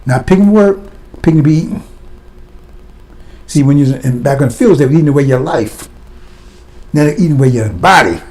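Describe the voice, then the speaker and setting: A man preaching with blunt, impassioned force, firing question after question at his listeners. His voice sits a little high for a man, yet its tone stays dark and mellow. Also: lively intonation, fairly quick, long pauses. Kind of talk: fiery sermon.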